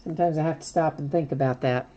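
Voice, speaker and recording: Woman host, low voice, chatty card-break patter, faint noise behind. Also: quick pace, warm tone, highs cut off. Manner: chatty, thinks aloud, frequent laughs. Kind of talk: live card break chat.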